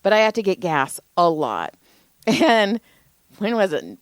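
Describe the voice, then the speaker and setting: A woman in her thirties, a podcast co-host telling a story in casual chat, animated, swearing freely and laughing often. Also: mid-range voice, unhurried, no echo, studio quality.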